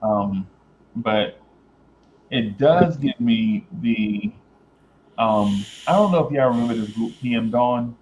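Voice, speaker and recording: A man hosting a casual talk show, rambling and thinking aloud with many pauses and fillers. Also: mid-range voice, animated, darkish tone. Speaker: host. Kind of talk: casual chat. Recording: slightly dull, faintly noisy.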